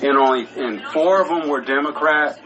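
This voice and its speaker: A man's voice: on the high side, normal speed, dull audio, a crowd in the background. A man co-hosting a casual podcast, rambling through stories with many restarts and asides, smoking as he talks. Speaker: podcast co-host. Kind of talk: casual chat.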